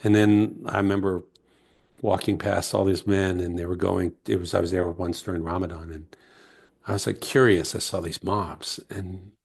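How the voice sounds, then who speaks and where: A man from the United States, a guest author, telling heartfelt stories slowly and reflectively in an interview. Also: low-pitched, little pitch movement, vocal fry, a little mellow, slightly rough. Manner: heartfelt, emotional, slow and searching.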